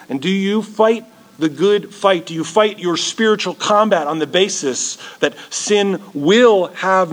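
A male pastor preaching a sermon in a church, earnest and repeating words as he builds his points. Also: fairly high pitch.

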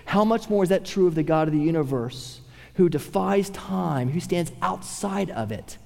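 A man preaching a sermon, swinging from a raised voice to hushed, quiet tones. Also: a little high, expressive, normal speed, vocal fry, long reverb tail. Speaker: pastor.

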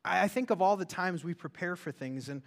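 A man preaching a sermon as a pastor, earnest, rising loud and then dropping to a hush. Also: high-pitched, fairly quick, creaky. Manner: earnest, swings from loud to hushed.

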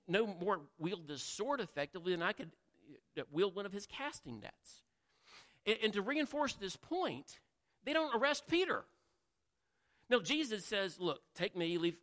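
This man's voice sits high and has a sharp tone. He preaches conversationally, asking his audience questions and acting out quotations, and the sound rings with a large hall's long reverb.

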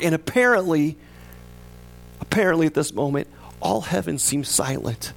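A man's voice: high voice, expressive, normal speed, vocal fry. Conversational male pastor preaching. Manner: conversational, asks the congregation questions; acts out the psalmist's voice with rising intensity. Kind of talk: sermon.

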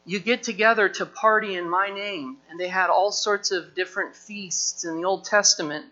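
A man's voice: sits high, normal speed, sharp tone. A male pastor preaching a sermon in an emphatic style, his force rising and falling. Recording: dull lo-fi recording with mains hum.

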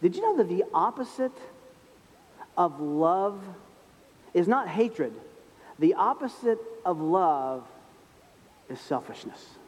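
Pastor guy with a pretty high voice, joking at his own expense in his sermon, big echoey church hall. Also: very animated, slow pace, pauses often, a little mellow, slight background noise. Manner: humorous storytelling, self-mocking. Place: church sanctuary.

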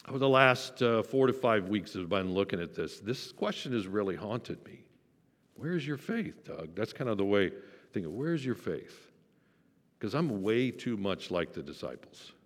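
Man preaching in a reverberant hall. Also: on the low side. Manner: animated, acts out the disciples' panic in quoted voices. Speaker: pastor. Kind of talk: sermon.

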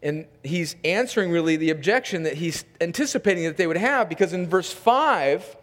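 A man with a high-pitched voice preaches an expository sermon. He reads scripture aloud and stops to comment between the verses. He talks with emphasis and often repeats a word as he rephrases. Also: lively intonation, normal speed, fairly bright tone, long reverb tail. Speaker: pastor.

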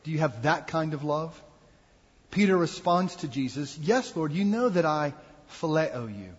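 A man's voice: a little high, lively intonation, moderate pace, slightly rough. A man giving an earnest, reflective sermon as a pastor. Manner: earnest, reflective preaching with acted quotes. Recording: dull sound with long hall reverb.

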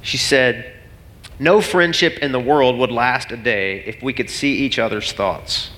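Pastor guy preaching, bright forceful voice, echo trailing off in a big hall. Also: medium pitch, measured pace. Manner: earnest storytelling, turns emotional and laughs it off. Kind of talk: sermon. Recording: long hall reverb.

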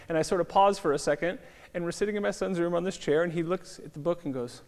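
A man in his thirties, a pastor, giving a conversational sermon with relaxed fillers. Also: high voice, a little fast. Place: church hall. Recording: long hall reverb.

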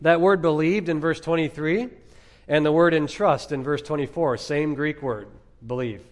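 A man preaching an expository sermon as pastor, emphatic, with dramatic pauses and rhetorical questions. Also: fairly high pitch.

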